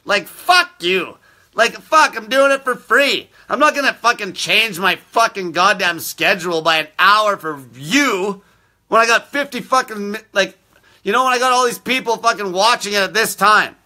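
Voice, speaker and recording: A man's voice: sits high, normal speed, bright, forceful tone. A man hosting a live show, ranting aggressively with constant swearing and insults aimed at his viewers. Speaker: fasting diet coach hosting a live show. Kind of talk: profane live-stream rant.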